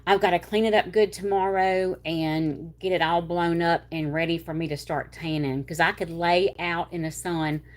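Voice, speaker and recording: A woman's voice: lowish voice, fairly even intonation. A woman from Louisiana with a North Louisiana Southern accent, hosting a livestream and chatting casually with viewers in a rambling way. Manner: chatty, rambling, with y'all and drawn-out words. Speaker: livestream host. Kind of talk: casual chat reading viewer comments.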